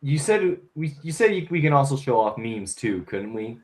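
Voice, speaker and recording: A man joking around in a casual stream chat with deadpan quips. His pitch swings very widely from line to line. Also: normal speed.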